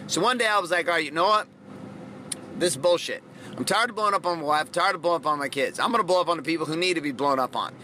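A man's voice: a little high, bright, forceful tone, a little hiss or hum. A middle-aged man hosting a motivational podcast, talking bluntly and profanely with lots of energy. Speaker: podcast host. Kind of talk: motivational monologue.

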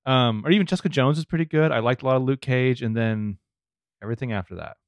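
A man's voice: mid-range voice, fast, dry recording, muffled recording. Joking man co-hosting a film chat. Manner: joking, wry asides. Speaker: podcast co-host. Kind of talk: casual movie review chat.

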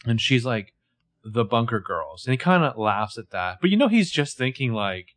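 A man's voice: medium pitch, a little fast. A man co-hosting a podcast, recapping a TV episode in casual chat, laughing often and acting out the characters' lines. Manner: animated, laughing, acts out quotes. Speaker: podcast co-host.

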